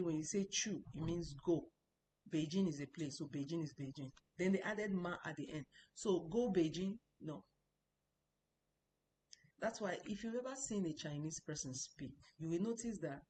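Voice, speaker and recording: A woman's voice: lowish voice, darkish tone, slight background noise, low-quality recording. A woman teaching a Chinese language lesson, explaining patiently and repeating key points, and stressing important words.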